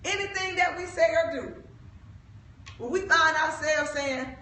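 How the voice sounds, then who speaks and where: A woman evangelist, exhorting the young people of her church, fervent and at times shouting. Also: sits high, unhurried, pauses often, slight background noise. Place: church sanctuary. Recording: echoey church, mic from a distance.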